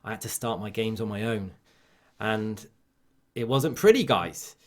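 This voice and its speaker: A man's voice: fairly low pitch, lively intonation, a little slow. A man with an English accent co-hosting a gaming podcast, teasing his partner and telling stories with mock drama. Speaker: podcast co-host and streamer. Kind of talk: casual chat.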